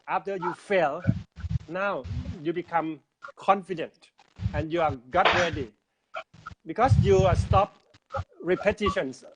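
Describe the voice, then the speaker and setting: Man host, casual chat, slow hesitant delivery, slightly high voice. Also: fairly bright tone, low-quality recording. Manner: halting, many uh fillers, non-native English. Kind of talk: casual conversation.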